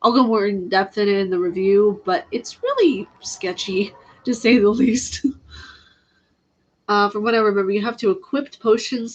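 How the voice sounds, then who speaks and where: A woman's voice: mid-range voice, normal speed, muffled recording. A woman chatting casually on a live stream about video games, laughing often and answering her chat. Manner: chatty, giggly, reads chat aloud.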